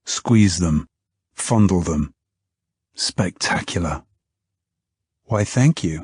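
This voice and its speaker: A man narrating a romance novel in the first person. His voice is deep and husky, and his delivery is close and unhurried. The recording is dry, with no room sound. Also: darkish tone, no room sound. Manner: intimate, unhurried storytelling. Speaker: audiobook narrator.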